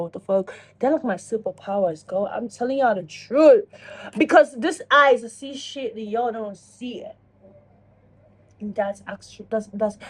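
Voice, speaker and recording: High, husky-voiced woman vlogger, animated and profane, talks through her own inner dialogue. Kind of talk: casual self-reflection monologue.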